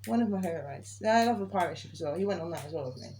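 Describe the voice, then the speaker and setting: A woman's voice: lowish voice, lively intonation, rapid-fire, a little mellow, a little hiss or hum. Chatty woman vlogger. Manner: chatty, laughs often, quotes others in raised voice. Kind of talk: casual chat.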